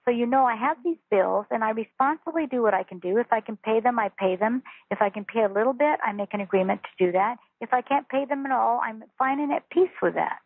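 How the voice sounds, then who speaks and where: A woman, a spiritual teacher, talking calmly and earnestly as a guest on a phone interview. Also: fairly high pitch, brisk, hardly any pauses, husky, no room sound. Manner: calm, earnest, instructive. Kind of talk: interview over a phone call. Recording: tinny phone line.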